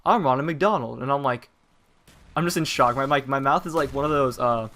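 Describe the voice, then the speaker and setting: A man's voice: mid-range voice, a little fast, sharp tone. Teenage guy rambling through a story. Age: teens. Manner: rambling, with frequent fillers and restarts. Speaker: vlogger telling personal stories. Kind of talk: casual storytelling.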